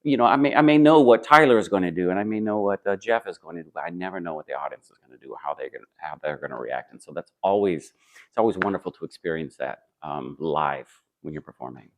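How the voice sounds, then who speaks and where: A man who acts on stage answers interview questions in a relaxed, thoughtful way, pausing often with fillers and restarting his sentences. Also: low voice. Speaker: stage actor.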